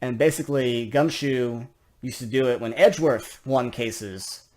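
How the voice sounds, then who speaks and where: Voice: mid-range voice, darkish tone. Let's player reading game lines aloud. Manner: voices every character in turn, with quick asides. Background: game music.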